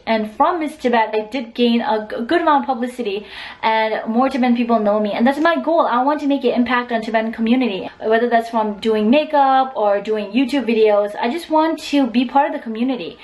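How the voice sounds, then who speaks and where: Chatty young woman vlogger, higher voice. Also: darkish tone, low-quality recording. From United States. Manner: chatty, emotional, many fillers like "like" and "oh my God". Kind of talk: casual storytime vlog.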